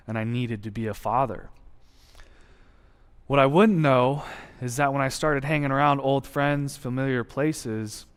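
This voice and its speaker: A man in his thirties giving a personal testimony, earnest and reflective, telling his story with deliberate pauses. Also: mid-range voice, clear, resonant tone. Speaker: guest speaker sharing testimony. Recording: long hall reverb.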